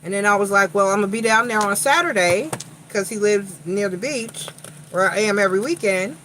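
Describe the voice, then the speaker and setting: Bright-voiced, blunt Long Island woman. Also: medium pitch, a little fast, a little hiss or hum, poor audio. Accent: Long Island New York with a slight Southern tinge. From Long Island, New York. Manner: blunt, chatty, profane storytelling. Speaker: tarot reader. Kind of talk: casual livestream tarot chat.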